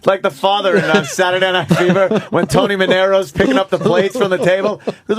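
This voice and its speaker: A man's voice: sits high, brisk, few pauses, crowd noise. A man, co-hosting a radio show and telling stories casually, with lots of swearing and laughter. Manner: profane storytelling, laughs often. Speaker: radio co-host.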